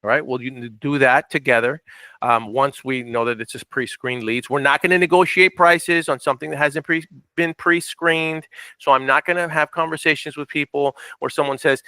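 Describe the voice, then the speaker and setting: A man runs a business training session with a bright, forceful voice. He talks plainly and firmly, hammers his points home with repetition and keeps asking whether his listeners follow. The recording is close and dry. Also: on the high side, steady tone, normal speed, dry recording. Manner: direct, repeats points, checks in with "okay?". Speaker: real estate investing trainer. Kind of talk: training presentation.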